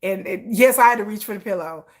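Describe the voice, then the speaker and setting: A woman hosts a laid-back commentary chat in a mid-pitched voice. She gushes and gets excitable, restarting her sentences often as the thoughts tumble out. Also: fast. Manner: gushing and excitable, with many restarts and laughs. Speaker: K-pop commentary host. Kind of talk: casual chat.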